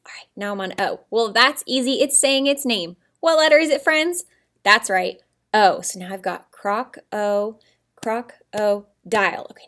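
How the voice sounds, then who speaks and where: A medium-pitched woman teaches first graders how to write, staying cheerful and supportive. She addresses the kids as friends and breaks words into slow, syllable-by-syllable sounds.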